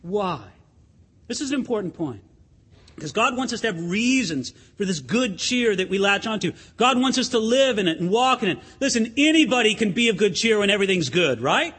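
A man's voice: high voice, big pitch swings, fairly quick, a bit bright, breathy edge. A pastor preaching a sermon in an earnest, emphatic way, addressing his listeners as friends in a church sanctuary. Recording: long hall reverb.

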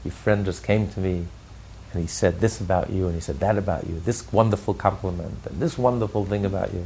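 A man playing a soft-spoken gentle peacemaker. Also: low voice, fairly quick, creaky, slight background noise, pitched below the performer's own voice, rough recording. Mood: coaxing. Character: gentle male peacemaker, softly persuasive.

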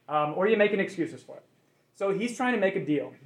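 A man's voice: high voice, big pitch swings, fast talker. A man leading a Bible study group, teaching conversationally and asking the class questions.

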